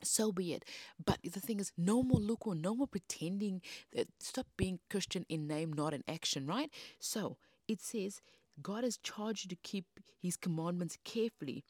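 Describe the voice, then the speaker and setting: A woman's voice: medium pitch, expressive, normal speed, a little mellow, dry recording, clean studio sound. A woman hosting a devotional podcast, teaching in a feisty, emphatic preaching manner with rising bursts. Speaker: podcast host.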